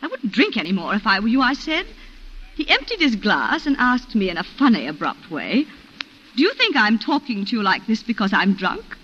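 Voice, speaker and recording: A genteel wife in a vintage radio play, her voice high, bright and swinging widely as she tells her story with refined, breathless emotion. The broadcast sounds dull and lo-fi. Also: very animated, moderate pace, a little hiss or hum. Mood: strained, ashamed. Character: genteel planter's wife confessing a shooting. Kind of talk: 1940s radio acting.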